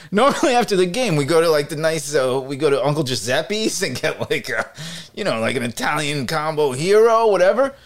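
A man co-hosting a sports podcast, telling stories in a lively, laughing way and acting out quotes. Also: on the high side. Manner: animated storytelling, laughs often, acts out quotes. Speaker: podcast co-host. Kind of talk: casual sports chat.

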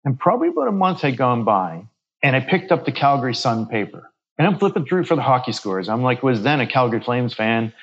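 A man of middle pitch telling a story as a podcast guest, slipping into the voices of the people he quotes. He often restarts and repeats his words, and the audio is slightly dull and muffled. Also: big pitch swings, brisk, husky. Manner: acts out quoted dialogue while retelling a story. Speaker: guest medium.

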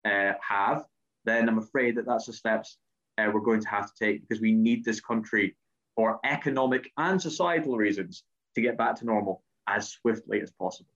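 A man's voice: fairly low pitch, moderate pace, fairly bright tone, muffled recording. A politician answering interview questions earnestly, often repeating words as he searches for them. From Scotland.

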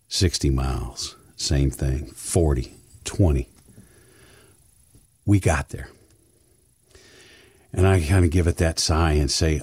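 A man's voice: extremely low pitch, takes it slowly, pauses often, a little mellow, husky, dry recording, clean studio sound. A middle-aged man, a financial advisor, chatting casually and telling a folksy story, repeating words as he restarts his sentences.

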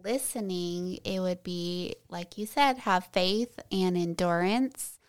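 A woman hosting a podcast, speaking in an earnest, encouraging and deliberate way. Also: lowish voice, smooth. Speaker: podcast host. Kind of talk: warm podcast interview.

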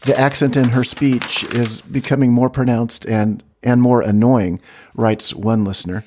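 A man with a mid-pitched voice co-hosting a comedy podcast. His delivery is dry and mock-serious as he builds absurd bits with his partner. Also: steady tone, a little slow, noisy background. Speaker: podcast co-host. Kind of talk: comedic improvised podcast banter.

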